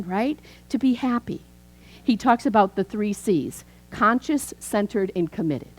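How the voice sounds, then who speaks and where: A woman in her fifties, a minister, preaching a chatty, animated sermon in a church. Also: a little high, normal speed, rough recording. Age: 50s. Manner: animated, chatty, acts out quoted voices. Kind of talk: conversational sermon.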